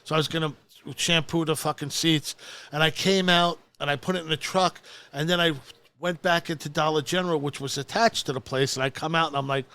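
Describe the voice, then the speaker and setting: A middle-aged man with a New Jersey accent, telling a profane story in animated bursts and acting out every voice in it. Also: on the high side, a little fast, clean tone. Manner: animated, acts out the voices in his stories, frequent swearing. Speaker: podcast guest, storyteller.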